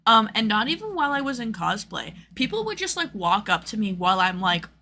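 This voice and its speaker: A woman's voice: medium pitch, big pitch swings, fairly quick, pushed and bright. A young woman streaming, chatting casually with lots of fillers and acted-out quotes. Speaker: streamer host.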